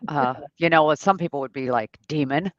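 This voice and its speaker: A host in a casual interview chat, relaxed and chatty, with lots of "you know". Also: mid-range voice, moderate pace, dry recording. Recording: dull, dry sound.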